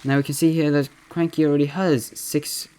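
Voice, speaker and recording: A man's voice: fairly high pitch, level tone, a little fast, dark tone, clear, resonant tone, pitched above the performer's own voice, close to an everyday voice. A man putting on an impression of a video game caster, commenting on a replay with many fillers and self-corrections. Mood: upbeat commentary.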